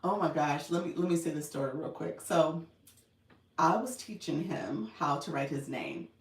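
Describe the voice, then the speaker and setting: A woman's voice: deep voice, animated, normal speed, far from the mic. A woman in her thirties from Chicago, hosting a casual live stream, chatting and laughing often as she greets viewers. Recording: echoey room, voice a bit off-mic.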